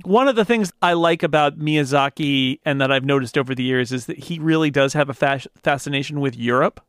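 A man's voice: a little high, fairly quick, a bit bright, clear, resonant tone, dry recording, clean studio sound. A man hosting a podcast, reading an ad and chatting casually about a film. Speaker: podcast host. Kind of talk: casual film discussion and read ad.

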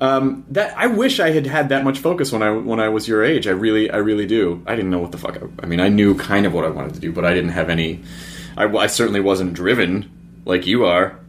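A man's voice: lowish voice, brisk. A man hosting a podcast in casual chat, dry and teasing, with jokey asides. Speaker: podcast host.

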